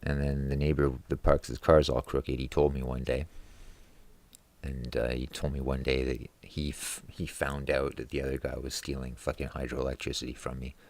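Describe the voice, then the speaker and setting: A man's voice: extremely low pitch, level tone, moderate pace, a little mellow. A man vlogging from his room at home in a casual, angry, profanity-laden rant. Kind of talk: casual ranting monologue.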